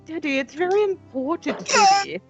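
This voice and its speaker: A woman voicing a spoiled young aristocrat pleading with her father for money, in a put-on posh British accent with drawn-out, whiny vowels. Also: very high-pitched, faint music behind.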